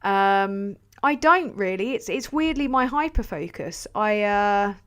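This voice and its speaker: A woman hosting a casual livestream and answering viewer questions, excitable and sweary, laughing often. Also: medium pitch, unhurried, clear, resonant tone. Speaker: livestream host.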